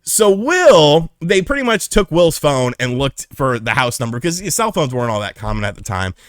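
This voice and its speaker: Animated young man telling a wild story. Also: fairly high pitch, moderate pace, no echo, studio quality. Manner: candid, profane, animated. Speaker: vlogger. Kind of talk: casual storytelling.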